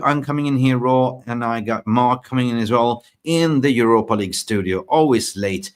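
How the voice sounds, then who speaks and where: A man from Sweden hosting a fan live stream, chatting excitably and reading out viewer comments. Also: mid-range voice, normal speed. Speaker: fan channel host. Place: in Thailand.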